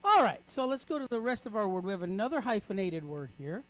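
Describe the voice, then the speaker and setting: A man's voice: high-pitched, sing-song, fairly bright tone. A man teaching a reading lesson, breaking words into sounds and checking in with the class after each step. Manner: patient, checks in with frequent "right?"; spells out sounds slowly, syllable by syllable.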